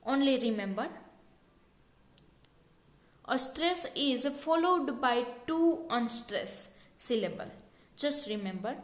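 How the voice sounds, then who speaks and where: A woman with a high voice explains exam answers step by step, going back over each point. She speaks slowly and deliberately. The recording has a noticeable room echo. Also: lively intonation. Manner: slow, explanatory, repeats key points. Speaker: teacher. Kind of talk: exam question walkthrough. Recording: echoey room.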